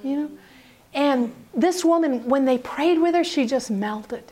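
Woman, high voice, animated storyteller, acts out the people she quotes. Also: a little slow. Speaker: speaker on prayer ministry. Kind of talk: storytelling talk.

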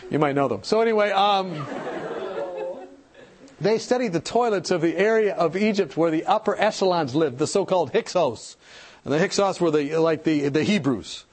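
A man giving an animated church seminar talk, telling stories, acting out the people in them and asking the audience questions. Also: fairly high pitch, moderate pace. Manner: animated storytelling, acts out quoted people. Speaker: health speaker.

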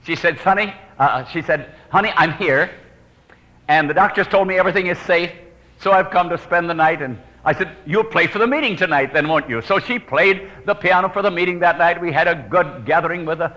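A man evangelist telling a personal story in an earnest sermon style, his voice dropping to hushed, prayerful tones. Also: on the high side, a little fast, big-room sound.

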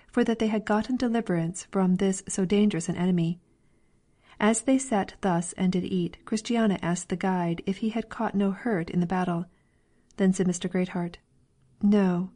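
A woman narrates a classic allegory in a calm, measured storybook reading. Her tone is mellow and warm, at a middle pitch. She keeps the characters' voices close to her own. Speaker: reader.

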